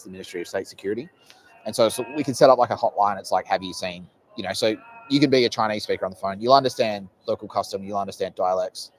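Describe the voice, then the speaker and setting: A man's voice: on the low side, slight background noise. An Australian man hosting a casual live podcast, rambling and swearing often with frequent laughs. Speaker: podcast host.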